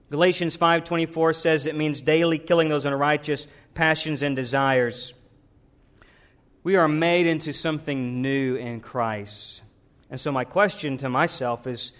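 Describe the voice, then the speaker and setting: A man's voice: on the high side, fairly bright tone. A male pastor, preaching a sermon to his church with rising emphasis and repeated prayers.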